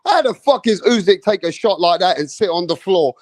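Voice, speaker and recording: A man's voice: sits high, lively intonation, fairly quick, hardly any pauses, a little mellow, no room sound. A man giving an angry, mocking, profane rant about a boxing match, full of slang. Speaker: boxing commentator.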